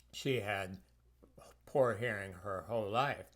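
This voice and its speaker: Low-voiced man telling personal stories. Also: unhurried, fairly bright tone. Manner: conversational, reflective, with fillers. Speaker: health practitioner. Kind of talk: personal storytelling in a course video.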